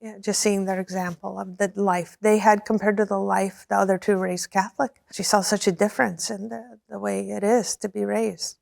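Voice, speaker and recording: A woman's voice: mid-range voice, flat delivery, moderate pace, creaky, hardly any pauses, a little mellow, no room sound. A middle-aged woman as an interview guest, telling her personal story earnestly, repeating words and laughing often.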